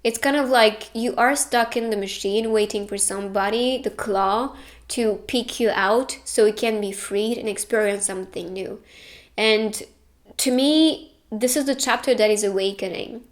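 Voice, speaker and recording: A woman's voice: fairly high pitch, moderate pace. A young woman giving a casual tarot reading, earnest and reassuring, getting tearful at times. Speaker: tarot reader.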